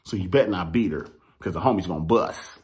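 A man giving casual, excitable battle rap commentary, rambling and slangy. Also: low-pitched, fast talker.

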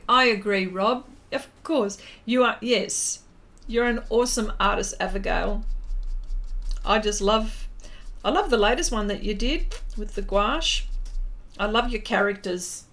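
A woman's voice: mid-range voice, takes it slowly, long pauses, a bit bright. Chatty Australian woman hosting an art stream. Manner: chatty, emotional, many fillers and restarts. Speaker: livestream art host. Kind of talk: casual chat while painting, reading out chat comments.

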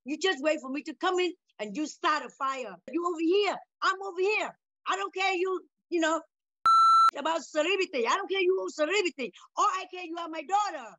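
A woman's voice: extremely high pitch, brisk, fairly bright tone, highs cut off. An older woman talking heatedly with her daughter in broken, repetitive non-native English, confronting her. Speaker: mother in a family talk show. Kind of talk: heated family conversation.

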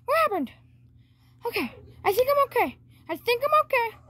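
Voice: very animated, normal speed, pushed and bright, no room sound, heavily acted. A performer voicing a small, sleepy, cranky furry red monster in a homemade toy skit, whining and exasperated. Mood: panicked. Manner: squeaky, whiny, exasperated. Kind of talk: toy skit for online video.

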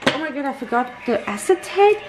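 High-voiced woman gushing over gifts. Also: sing-song, brisk, over music. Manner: gushing, gasping, effusive thanks. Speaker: craft vlogger opening mail. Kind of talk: casual unboxing chat.

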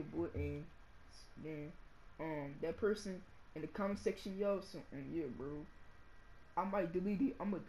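A male gaming channel host giving casual gameplay commentary and ranting, saying "bro" and "y'all" constantly and swinging from mumbles to shouts. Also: sits high, slight background noise. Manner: slangy, fills nearly every phrase with "bro" and "y'all".

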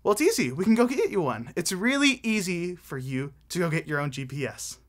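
A man doing a calm, confident lady truck. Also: sits high, brisk. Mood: reassuring. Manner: calm, reassuring.

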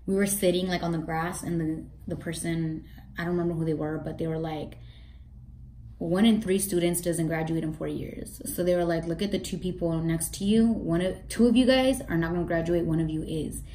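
Woman, 20s, casual storytime vlog, lots of "like" and cursing, lowish voice, echoey room. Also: steady tone, brisk, mellow, a little hiss or hum. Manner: casual, profane, self-deprecating, peppered with "like". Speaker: vlogger.

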